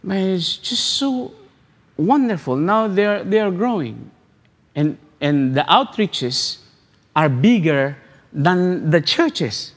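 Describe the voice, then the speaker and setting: A man with a high-pitched voice preaches a sermon, driving home his points with repeated phrases and rhetorical questions. He often stumbles and restarts before going on. His voice carries a long reverb, as in a church sanctuary. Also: big pitch swings, slow. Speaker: pastor.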